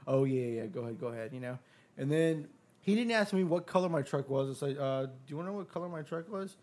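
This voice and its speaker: A man's voice: a little high, fast talker. A man casually telling a long story as a podcast guest, swearing often and acting out the other people's lines. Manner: profane, animated retelling with quoted dialogue.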